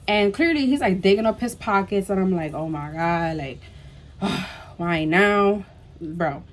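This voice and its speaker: A young woman vlogger telling a storytime tale in an animated way, full of "like" and "bro" and emphatic repeats. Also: mid-range voice. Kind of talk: storytime vlog.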